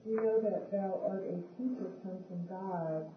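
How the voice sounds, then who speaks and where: A woman's voice: medium pitch, normal speed, distant mic. A woman in a Bible study class who asks a question hesitantly and tentatively. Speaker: class member. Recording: muffled, roomy recording with faint noise.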